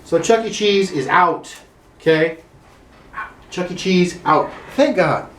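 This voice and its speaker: High-voiced sarcastic comedian man. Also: expressive, slow pace, a bit bright, reverberant. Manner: swearing, sarcastic, rising to exaggerated outrage. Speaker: standup comedian. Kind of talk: solo comic rant. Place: his own room.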